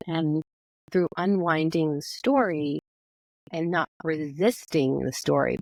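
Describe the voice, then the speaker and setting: Vocal fry colors this yoga teacher and physical therapist's low voice as she recounts a personal story on a podcast, replaying her own past words. The recording is dry and low in quality.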